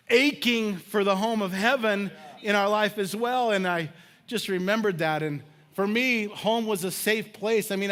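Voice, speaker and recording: A man preaching a sermon in a church, telling personal stories with lively acted-out moments. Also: sits high. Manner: animated storytelling, acts out scenes with shouts and laughs. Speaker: pastor. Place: church sanctuary.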